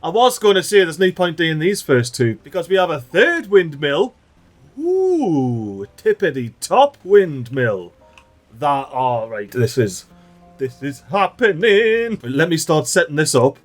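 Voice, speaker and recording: A man giving excitable, chatty let's play commentary and talking to the little characters in his game. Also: a little high, unhurried, faint music behind. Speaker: gaming channel host.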